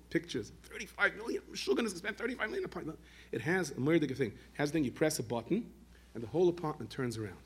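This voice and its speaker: A man giving a sermon, telling stories in an animated way and mixing in Yiddish and Hebrew words. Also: on the high side, breathy edge. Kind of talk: sermon storytelling.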